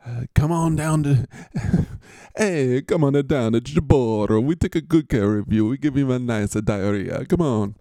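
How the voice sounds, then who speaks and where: A man putting on a loud, hammy pizza shop owner with a thick put-on accent, pitched well above his own voice. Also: a little slow, few pauses, no room sound, studio quality, lightly acted. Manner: boisterous, exaggerated sales pitch.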